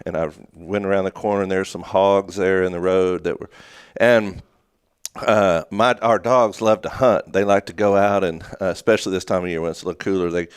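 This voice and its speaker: Low smooth-voiced man telling a story. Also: steady tone, a little fast, dry recording, clean studio sound. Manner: rambling storyteller with restarts. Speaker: co-host. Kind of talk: casual morning show chat. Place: small studio.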